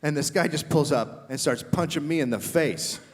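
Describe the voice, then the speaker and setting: A middle-aged man doing animated stand-up comedy, shouting his acted quotes. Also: a little high, normal speed. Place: large theater stage. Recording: reverberant theater hall. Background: audience laughter.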